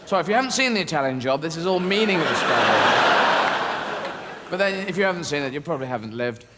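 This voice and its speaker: A man performing a stand-up comedy routine, animated and full of sudden silly voices, recorded live in a large theatre. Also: fairly high pitch, quick pace. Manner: animated, flips into many silly character voices. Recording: live stage recording in a reverberant hall with crowd noise.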